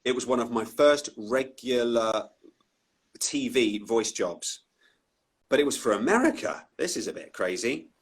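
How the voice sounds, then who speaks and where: A man's voice: mid-range voice, lively intonation, unhurried, breathy edge. A man who works as a voice-over artist, talking thoughtfully with a self-deprecating edge and frequent restarts during an online interview. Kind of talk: relaxed conversational interview. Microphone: online live video call.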